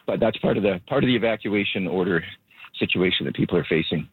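A man speaking as a local government spokesperson, out of breath and earnest, rambling with halting restarts. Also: low voice, expressive, slightly rough, no echo. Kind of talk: phone interview. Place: outdoors at his vehicle. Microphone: phone. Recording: tinny phone line.

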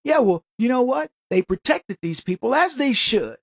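A man hosting a radio talk show, delivering an animated, mocking, emphatic opinion monologue. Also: very high-pitched, moderate pace, no room sound.

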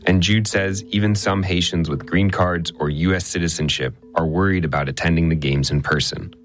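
A male radio reporter narrating a news story in a measured, conversational way. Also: low voice, soft background music.

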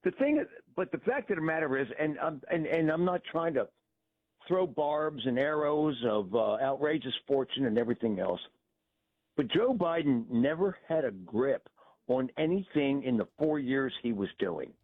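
A man's voice: on the high side, expressive, moderate pace. A man calling in to a talk radio show, rambling through his opinions with hesitant restarts. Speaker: caller. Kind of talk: phone-in call. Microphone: telephone. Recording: tinny phone line.

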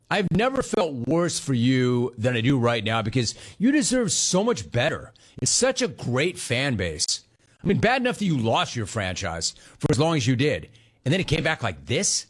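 A middle-aged man hosting a sports talk show, ranting in a heated, sarcastic way. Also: medium pitch. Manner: sarcastic, heated, mocks the player in put-on voices. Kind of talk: sports radio rant.

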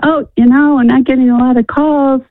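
A woman's voice: high voice, steady tone, a little fast, dry recording. A woman from Illinois calling in to a radio show, rambling with many fillers and restarts. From Illinois, USA. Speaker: caller. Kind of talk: phone-in conversation. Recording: tinny phone line.

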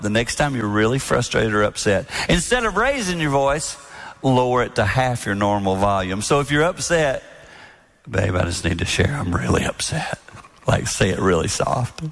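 A man giving a sermon-style talk on marriage to an audience, earnest and storytelling, sometimes acting out soft-spoken quotes. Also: on the low side. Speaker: speaker on marriage.

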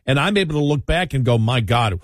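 A man's voice: fairly high pitch, quick pace, no echo, studio quality. A man in casual conversation, musing reflectively with frequent restarts and trailing phrases. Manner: rambling, reflective, with many restarts. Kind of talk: casual chat.

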